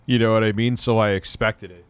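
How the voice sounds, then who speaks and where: A middle-aged man hosting a livestream in casual chat, loose and profane, laughing often and jumping into excited bursts. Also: on the low side, fairly quick, clean tone. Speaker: livestream host.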